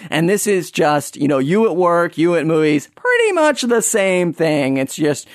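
A man's voice: fairly high pitch, big pitch swings, measured pace, no room sound, studio quality. A man hosting a casual solo monologue, rambling and sarcastic, often breaking off and restarting his sentences. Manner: rambling, sarcastic, self-interrupting. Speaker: podcast host.

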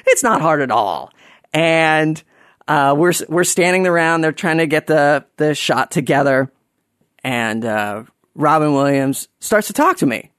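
A man's voice: unhurried, smooth, no room sound, clean studio sound. Sarcastic man telling a comic anecdote. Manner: sarcastic, animated, swings between mumbled asides and high mock voices. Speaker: storyteller. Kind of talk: comedic personal anecdote.

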